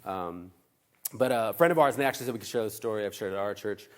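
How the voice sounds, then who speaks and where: A man preaching as a pastor, telling stories in a chatty, animated way and acting out the dialogue. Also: on the low side, fast talker, big-room sound. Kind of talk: sermon storytelling. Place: church hall.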